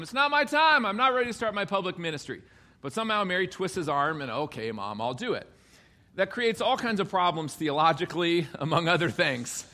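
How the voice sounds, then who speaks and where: A man preaches a sermon in a church sanctuary, and his voice sits a bit high and rings bright. He keeps it conversational, slipping in jokes and playing out the lines he quotes. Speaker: pastor.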